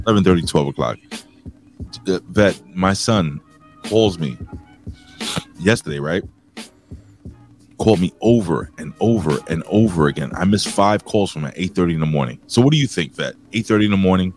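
A man's voice: rumbling low, animated, a little fast, soft background music. A man co-hosting a wrestling talk show, rambling and cursing while joking around. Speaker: wrestling podcast co-host. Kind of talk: casual chat.

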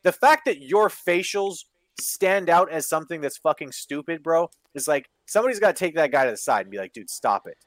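A man on a podcast, ranting in an exasperated, sweary way. His voice sits a little high, recorded dry and close. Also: lively intonation, brisk, dry recording. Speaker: podcast co-host. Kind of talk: casual chat.

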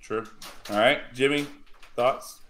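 A man hosting a casual wrestling podcast, halting with many ums as he puts questions to the panel. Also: mid-range voice, a bit bright, slight background noise. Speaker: podcast host. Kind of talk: casual chat.

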